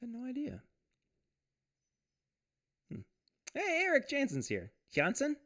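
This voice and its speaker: A man's voice: very high-pitched, wildly swooping pitch, unhurried, pushed and bright. A man hosting a casual livestream from home. He reads viewer comments aloud, chats loosely, laughs often and restarts his sentences. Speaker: podcast host.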